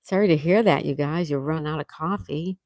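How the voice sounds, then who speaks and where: On a laid-back morning livestream, a woman nursing a sore throat chats with viewers, reads their comments aloud and laughs a lot. She speaks at a moderate pace in a low-pitched, darkish voice, captured in clean studio sound with no room sound.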